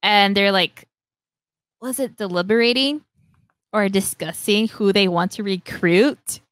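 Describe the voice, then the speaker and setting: Slow-talking woman with a smooth voice. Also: medium pitch, no echo. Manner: animated retelling, acts out lines in quick voices, swears, laughs often. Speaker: podcast host. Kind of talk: casual chat retelling a story.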